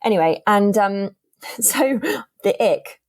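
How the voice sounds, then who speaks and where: A young woman tells a dating story in a loose, chatty way, full of fillers. She is mid-pitched and acts out each quote as she goes. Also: animated, slow pace, a little mellow. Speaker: podcast guest. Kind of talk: casual chat.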